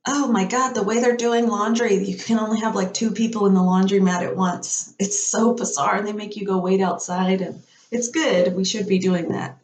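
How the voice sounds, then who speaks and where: A woman's voice: mid-range voice, fairly even intonation, moderate pace, darkish tone, a little hiss or hum. A woman telling rambling everyday stories in a casual chat, laughing often and acting out the people she quotes. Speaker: podcast speaker. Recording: roomy echo.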